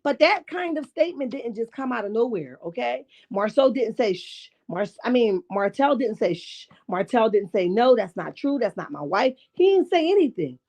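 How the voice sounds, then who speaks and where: Sassy raspy-voiced woman recapping gossip. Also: fairly high pitch, sing-song, normal speed, hardly any pauses, a little mellow. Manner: sassy, profane, rhetorical asides with "okay?" and "right?". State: raspy this morning. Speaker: reality TV commentary host. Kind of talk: casual reality-show recap with live chat.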